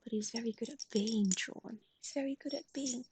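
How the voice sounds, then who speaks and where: A woman hosting a pet livestream in a whispered voice, cooing soft baby talk to her animal while chatting with viewers. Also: a little high, normal speed, few pauses. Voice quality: breathy whisper. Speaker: livestream host.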